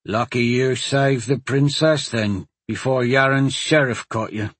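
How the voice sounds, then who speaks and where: A man's voice: mid-range voice, steady tone, a little slow, fairly bright tone, breathy edge, no room sound. Man doing a blunt skeptical soldier. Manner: blunt, grumbling then encouraging.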